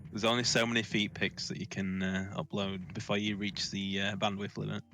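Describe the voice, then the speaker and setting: Low-voiced man rambling on a podcast stream. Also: little pitch movement, brisk, noisy background. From United Kingdom. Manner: rambling, jumpy, swearing, self-mocking. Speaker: podcast co-host. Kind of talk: casual chat on a livestream.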